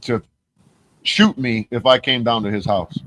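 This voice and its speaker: A man's voice: medium pitch, measured pace, fairly bright tone, a little hiss or hum. A man hosting a podcast, telling long, heated stories full of swearing and restarts. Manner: profane, heated, rambling storytelling. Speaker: podcast host. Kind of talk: casual conversation.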